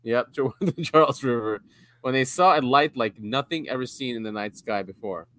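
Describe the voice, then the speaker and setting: A man co-hosting a casual podcast, relaxed and chuckling as he reads articles aloud to his co-host. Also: medium pitch, moderate pace, no room sound.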